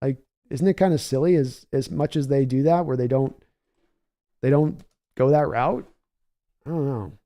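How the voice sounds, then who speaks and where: An American man hosts a live game reaction stream, offering opinionated, rambling analysis and reading viewer chat aloud to answer conversationally. His warm, medium-pitched voice moves at normal speed with long pauses.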